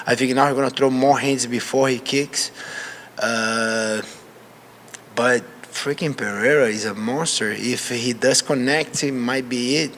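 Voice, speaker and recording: Brazilian-accented fighter in an echoey hall. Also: male voice, mid-range voice, measured pace, a little hiss or hum. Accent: Brazilian Portuguese. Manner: candid, animated, non-native grammar. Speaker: MMA fighter. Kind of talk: casual interview answer. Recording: long hall reverb.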